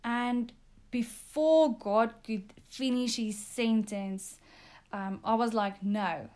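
Slow-talking earnest woman giving testimony. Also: a little high, fairly even intonation, a little mellow. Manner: earnest, with frequent um fillers. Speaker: speaker sharing a testimony. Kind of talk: devotional testimony talk.

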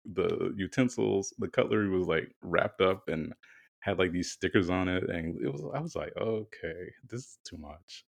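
A man's voice: sits low, moderate pace, vocal fry. A man co-hosting a podcast, telling a candid, chatty story in casual conversation with some swearing. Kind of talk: casual chat.

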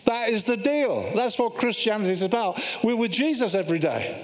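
Man, sermon, high voice, lively storytelling, acts out voices, echoey hall. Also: brisk. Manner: animated storytelling, acting out biblical voices. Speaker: preacher.

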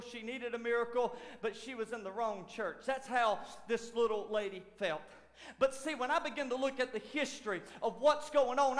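Male pastor, very high voice, animated preaching from shouts to hushed lines, long hall echo. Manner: animated preaching, shouting at peaks and dropping to near whispers. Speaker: lead pastor. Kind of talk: sermon. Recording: long church hall reverb.

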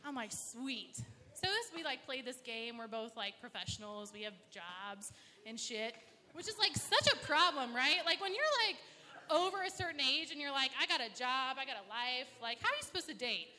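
A woman's voice: high voice, big pitch swings, fairly quick, sharp tone. A woman telling a personal story to a live audience, swearing often and acting out her own reactions. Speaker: storyteller at an open mic. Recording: echoey hall.

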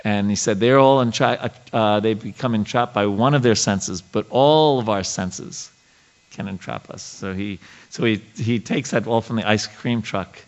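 A man leading a scripture study class, reading passages aloud and explaining them in a halting way, with many fillers and restarts. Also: lowish voice, dull audio.

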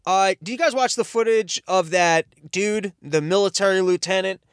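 A man talks in a loose, sarcastic monologue, drifting between tangents and cutting himself off mid-thought. His voice sits fairly high for a man. The sound is dry and close, with no room in it. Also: moderate pace, smooth, no room sound. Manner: rambling, sarcastic, self-interrupting. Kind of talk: rambling comedic monologue.

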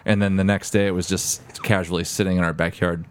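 A man's voice: deep voice, flat delivery, brisk, clear, resonant tone. A man in casual podcast banter, telling rambling stories with restarts. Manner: rambling anecdotal storytelling.

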